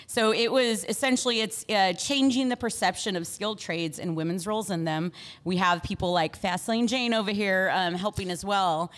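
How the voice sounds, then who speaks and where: A woman's voice: medium pitch, moderate pace. A woman co-hosting a casual chat show, bubbly and rambling, laughing often. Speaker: podcast co-host.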